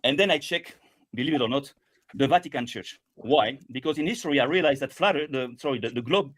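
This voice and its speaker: A man's voice: mid-range voice, a little fast, fairly bright tone. A man guest in a heated debate, stammering and repeating words as he pleads to be let finish. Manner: keeps stammering restarts, pleads to be heard.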